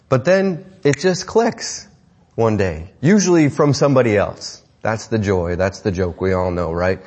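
A man's voice: lowish voice, lively intonation, unhurried, darkish tone. A middle-aged man preaching a sermon to parents in a conversational, joking way, with self-deprecating asides. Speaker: pastor.

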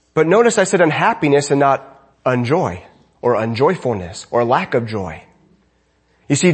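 A man's voice: on the high side, husky. A man preaching a sermon as pastor, conversational, often asking his congregation rhetorical questions.

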